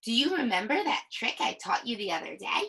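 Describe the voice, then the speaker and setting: A woman teaching early reading, slow and patient as she sounds out each word. Her voice is bright and lively, rising and falling a lot. A gravelly edge creeps in at the ends of her phrases. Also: on the high side. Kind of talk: early reading lesson for young children.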